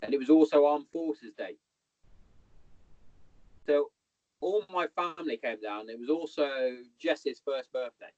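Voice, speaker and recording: A man's voice: a little high, measured pace, long pauses, darkish tone, no echo. A man, a podcast guest rambling through army anecdotes in casual chat, swearing a lot and calling the listener "mate". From Hereford, England. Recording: dull lo-fi podcast audio.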